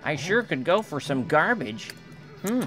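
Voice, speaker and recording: Speaking over music, this young man has a high, very animated voice yet takes his time. His let's play commentary is goofy and rambling, peppered with silly voices.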